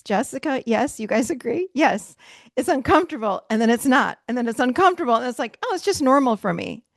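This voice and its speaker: A middle-aged woman coaching a virtual mastermind group, emphatic and animated, laughing often as she teaches over a video call. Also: on the high side, no room sound, studio quality. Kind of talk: live motivational teaching.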